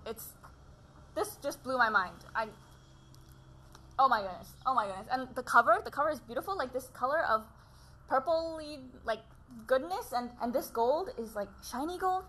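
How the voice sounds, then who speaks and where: Chatting about books straight to camera, this woman has a high, bright voice with a forceful edge. The vlogger laughs often and can't hide her excitement as she gushes.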